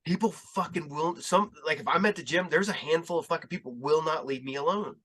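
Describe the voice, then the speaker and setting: Bright-voiced, blunt-talking podcast host. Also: male voice, a little high, brisk, low-quality recording. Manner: blunt, swears often, animated retelling. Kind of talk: casual podcast chat.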